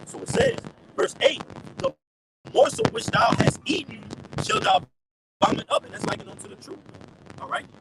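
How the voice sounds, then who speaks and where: A man preaches emphatically at an outdoor street gathering. His very high voice swings widely and has a gravelly edge. Loud traffic and street noise run underneath him.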